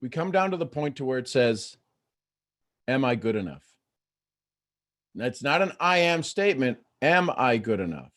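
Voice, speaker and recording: A man hosting a live coaching call, talking in an animated way and acting out the voices in people's heads. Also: mid-range voice, normal speed, long pauses. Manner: animated, acts out inner voices. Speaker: host and motivational coach.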